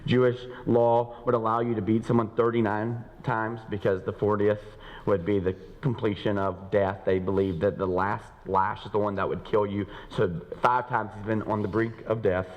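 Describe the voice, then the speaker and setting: A man preaching a sermon as pastor, conversational and joking, acting out scripture quotes in lively asides. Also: lowish voice, normal speed, big-room sound, dull audio. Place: church sanctuary.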